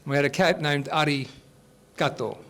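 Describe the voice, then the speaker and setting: A man's voice: high-pitched, a little fast, heavy background noise. Aussie man in his fifties doing stand-up. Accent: Australian. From Australia. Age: 50s. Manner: deadpan storytelling with blokey banter. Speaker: host and stand-up comedian. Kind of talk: stand-up comedy set. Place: live comedy stage.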